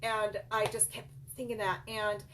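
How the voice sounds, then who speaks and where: A woman's voice: medium pitch, flat delivery, a little slow, fairly bright tone, a little hiss or hum. A middle-aged woman, a child care business coach and center owner, earnestly telling a personal story straight to her viewers, calling them "you guys.".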